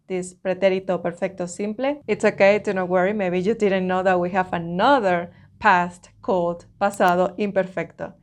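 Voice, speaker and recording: Patient woman teaching an online lesson. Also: lowish voice. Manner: patient, explains step by step, often checks with "okay?". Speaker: Spanish teacher.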